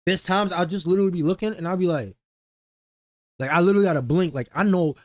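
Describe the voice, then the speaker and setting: A man's voice: sits high, fast talker, no echo, studio quality. A young man, a streamer, chatting casually and rambling in slang to his viewers, often mocking himself. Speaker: streamer reacting to a video.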